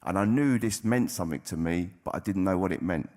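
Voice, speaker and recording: A very deep, low-pitched man tells his story to a convention audience as a recovering addict, talking fairly quickly in a darkish tone. It comes across as a frank personal testimony, plain-spoken and peppered with casual swearing.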